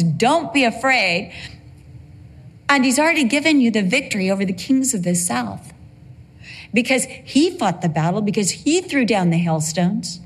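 Older woman, preacher, sermon delivery, emphatic, joking asides, fairly high voice.

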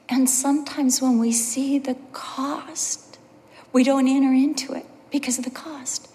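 A woman's voice: sits high, steady tone, measured pace, dark tone, a little hiss or hum. A middle-aged woman giving a sermon as a Bible teacher, telling personal stories and acting out the quotes. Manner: personal storytelling with acted quotes. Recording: long hall reverb.

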